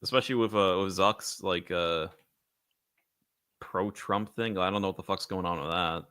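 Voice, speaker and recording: A young man co-hosting a comedy podcast, offhand and quick to laugh. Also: deep voice, sharp tone, smooth. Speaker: podcast co-host. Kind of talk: casual comedy chat.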